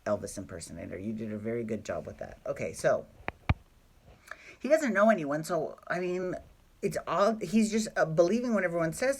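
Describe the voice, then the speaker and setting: Chatty gushing man recapping soaps. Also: on the high side. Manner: chatty and gushing, quick asides and apologies. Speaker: soap opera recap host. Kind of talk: casual chat.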